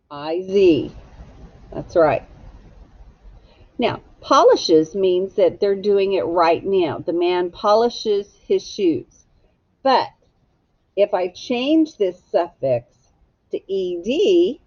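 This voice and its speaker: A woman's voice: medium pitch, a little mellow, no room sound, dull audio. A woman teacher giving a phonics lesson to young children, patiently sounding out and spelling each word.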